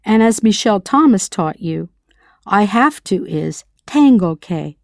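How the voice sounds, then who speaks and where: A woman's voice: medium pitch, expressive, measured pace, gravelly, dry recording, clean studio sound. A woman narrating a scripted audio language lesson, quizzing the listener with playful questions. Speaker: language teacher.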